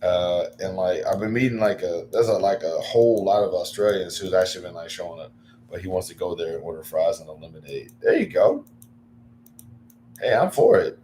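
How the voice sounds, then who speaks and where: Man, very low voice, casual livestream talk, rambling, filler-heavy, excitable. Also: brisk, slight background noise.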